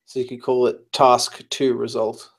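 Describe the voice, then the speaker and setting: A man's voice: medium pitch, level tone, measured pace, gravelly. A tired man, up late at night, explaining programming choices in casual chat, hesitant with many fillers. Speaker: programmer giving advice.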